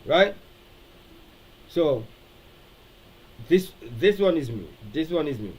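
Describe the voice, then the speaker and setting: A man hosting a live-stream talk, animated and preacherly, reading out viewer comments and acting out quoted speech. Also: a little high, slow, long pauses, breathy edge, poor audio. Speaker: show host.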